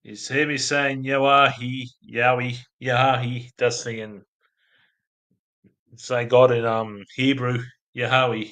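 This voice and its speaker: A man's voice: mid-range voice, flat delivery, slow, fairly bright tone. An Australian man chatting casually on a live stream, rambling between topics and laughing often at his own crude jokes. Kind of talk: casual live-stream chat, reading out viewer comments.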